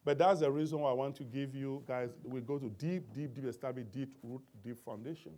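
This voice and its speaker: A man's voice: medium pitch, steady tone, brisk, warm tone. A man preaching a Bible lesson to a congregation in church, emphatic, often checking in with his listeners. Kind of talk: sermon-style Bible teaching.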